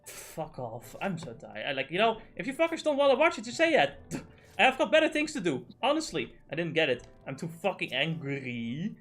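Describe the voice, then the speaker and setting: A man's voice: high voice, very animated, brisk, fairly bright tone, faint music behind. A man streaming a game and ranting in casual, profane, exasperated chat.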